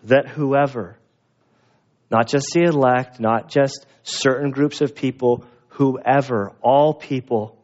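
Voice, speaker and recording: A male pastor preaching a sermon, slow and earnest, often restarting his phrases. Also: mid-range voice, steady tone, darkish tone. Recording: dull lo-fi sound.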